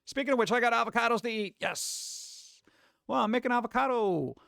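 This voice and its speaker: Male stream host, high voice, dry close sound, chatty and rambling. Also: fairly quick, creaky, pushed and bright, no room sound. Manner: rambling, acts out other people's voices. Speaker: livestream host. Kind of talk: casual stream chat.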